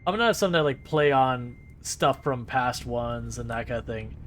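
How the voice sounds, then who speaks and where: A man's voice: mid-range voice, lively intonation, normal speed, a little hiss or hum. A man casually chatting with his live-stream viewers while driving in a game, rambling and laughing easily. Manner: talks to chat while driving.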